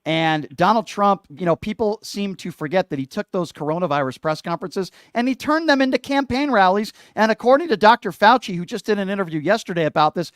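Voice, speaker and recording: Male talk radio host, emphatic, opinionated, fairly high voice, dry sound. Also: expressive, fairly quick, few pauses, no room sound. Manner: emphatic, opinionated, talks over callers.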